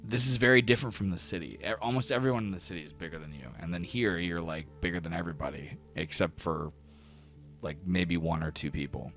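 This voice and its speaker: Low-voiced man running a tabletop game. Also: steady tone, quick pace, fairly bright tone. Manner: descriptive, loose with fillers. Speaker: game master. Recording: faint music behind.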